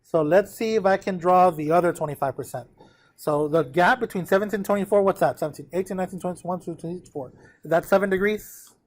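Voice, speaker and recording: A man teaching a math class, his voice sitting a little higher than most men's. He works through the problem out loud, counting numbers and checking in with the students as he goes. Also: fast talker. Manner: talks to students directly, counts out loud, thinks aloud. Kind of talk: lesson working through a problem aloud.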